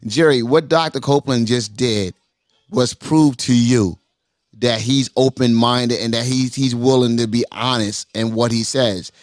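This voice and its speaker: A man moderating a live debate on a talk show, cutting in and stressing his points slowly. His voice sits at a middle pitch, with a dry, close sound. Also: fairly even intonation, dry recording. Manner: interjecting, emphatic, slows down to stress points.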